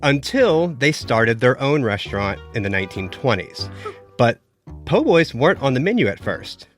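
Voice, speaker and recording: Lively, theatrical male storyteller. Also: medium pitch, soft background music. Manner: animated, theatrical, drawn-out storytelling. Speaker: reporter and debate guest. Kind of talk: playful scripted podcast pitch.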